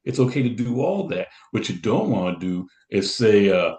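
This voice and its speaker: A man's voice: lowish voice, big pitch swings, moderate pace, a little mellow. A middle-aged man co-hosting a talk about first responders, speaking earnestly and often repeating words as he explains. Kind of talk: conversational podcast talk. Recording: echoey room.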